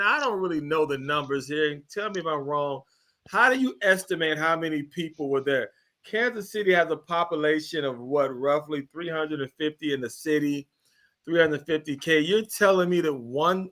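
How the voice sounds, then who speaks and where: A man's voice: a little high, a bit bright. A man with a Missouri accent hosting a casual sports talk show, joking and teasing his co-hosts.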